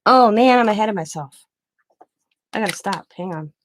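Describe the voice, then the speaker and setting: A woman's voice: medium pitch, expressive, moderate pace, a little hiss or hum. A middle-aged woman hosting a craft channel, chatting casually and rambling through stories while she works. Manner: rambling, storytelling with restarts.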